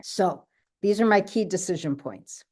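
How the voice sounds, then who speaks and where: A woman's voice: mid-range voice, lively intonation, a little slow, dark tone. A woman telling her own healing story in a chatty way, often checking in with the listener. She is speaking on a video call. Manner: chatty, keeps checking in with "right?". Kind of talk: casual talk on a video call.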